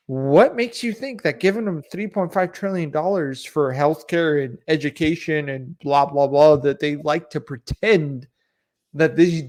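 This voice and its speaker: A man's voice: a little high, darkish tone. A man hosting a casual livestream, ranting and swearing freely and laughing often. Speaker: host.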